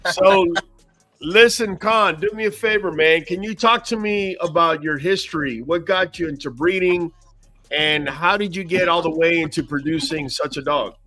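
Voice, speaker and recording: A man's voice: a little high, moderate pace, pushed and bright, soft background music. A man hosting a live podcast, upbeat and hyped, often calling people "man". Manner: upbeat, hype, says "man" a lot. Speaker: podcast host.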